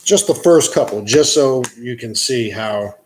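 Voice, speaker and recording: A man's voice: mid-range voice, expressive, unhurried, a little hiss or hum. A man giving casual, profane commentary as an occult teacher, reading scripture aloud and mocking it. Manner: profane, mocking, reads aloud then rants.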